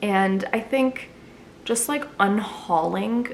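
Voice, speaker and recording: A woman's voice: medium pitch, slow, slight background noise. A young woman chatting casually in a vlog, answering viewer questions with lots of fillers. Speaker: book vlogger.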